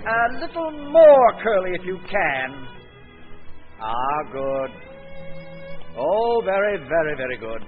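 Affected old-time director, swoops all over, dull radio sound. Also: male voice, high-pitched, big pitch swings, slow pace, pauses often, soft background music, exaggerated voice. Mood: coaxing. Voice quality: affected, theatrical. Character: pompous affected male film director. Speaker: film director. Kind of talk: 1930s radio acting.

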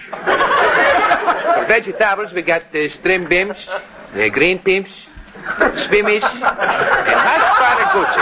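A comic Greek restaurant owner from 1930s vaudeville, boasting in broken English with a thick put-on Greek accent. The voice rides high and swings widely. It sits under loud hiss on a dull, scratchy old radio recording. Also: male voice, full character voice. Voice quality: garbled broken English, malapropisms. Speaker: comic dialect monologue. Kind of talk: 1930s vaudeville dialect comedy.

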